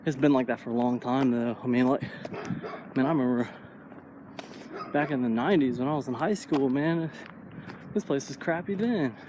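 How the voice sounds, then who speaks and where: A man's voice: mid-range voice, moderate pace, pauses often. Rambling man vlogging on a walk. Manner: rambling, says "man" a lot. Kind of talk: casual walking vlog monologue. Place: outdoors on a neighborhood street. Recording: noisy outdoor street recording.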